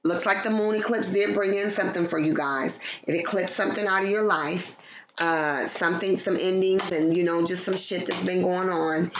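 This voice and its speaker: A woman's voice: fairly low pitch, fairly even intonation, normal speed. A woman giving a casual, profane tarot reading to her viewers, playful and loose, at times breaking into song. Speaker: tarot reader. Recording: dull lo-fi sound with background noise.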